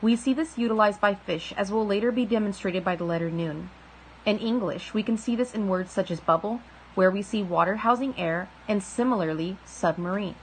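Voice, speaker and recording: A woman reading a religious book aloud in a soft, slow, deliberate way, drawing out key words. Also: medium pitch, slight background noise, low-quality recording. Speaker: reader of a spiritual text.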